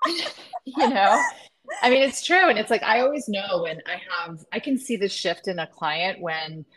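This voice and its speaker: A woman's voice: mid-range voice, moderate pace, fairly bright tone. A woman hosting a podcast, talking casually and enthusiastically, often gushing over her guest. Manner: enthusiastic, gushing, many fillers. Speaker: podcast host, matchmaker.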